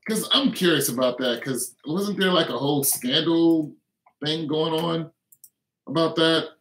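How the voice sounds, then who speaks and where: The livestream host's voice has a fairly bright tone and a slightly slow pace. Rambling casually in an echoey room, he jokes in a mocking tone and keeps slipping into laughter and silly high voices.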